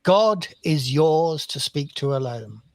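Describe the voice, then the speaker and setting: A man voicing a gentle Mexican male priest who speaks calmly and kindly. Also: fairly high pitch, slow pace, vocal fry, no room sound, heavily acted.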